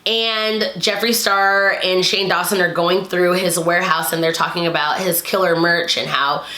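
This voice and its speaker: A woman's voice: fairly low pitch, steady tone, moderate pace, bright, forceful tone, echoey room, low-quality recording. A woman talking casually to camera, recapping and commenting with lots of "like" and exasperated asides. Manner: chatty, frequent "like", exasperated asides. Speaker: YouTube commentator.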